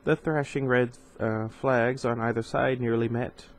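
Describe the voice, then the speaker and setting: A man's voice: medium pitch, steady tone, a little slow, slight background noise, rough recording. A man reading a novel aloud in an informal way, with casual asides and stumbles over hard words. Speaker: reader.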